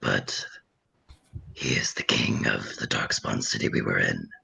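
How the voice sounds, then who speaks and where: A man voicing a secretive male companion in a very deep, gravelly near-whisper. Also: a little slow, bright, forceful tone, slight background noise, exaggerated voice. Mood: hushed.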